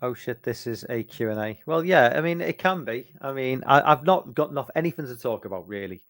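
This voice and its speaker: A tired middle-aged man with a British accent rambles through a late-night Q&A, sweary and full of restarts. His voice sits at an ordinary pitch and sounds dry and close, with no room around it. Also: lively intonation, a little fast, fairly bright tone, dry recording. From United Kingdom. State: tired, fighting sleep. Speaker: live streamer. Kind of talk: late-night casual Q&A chat.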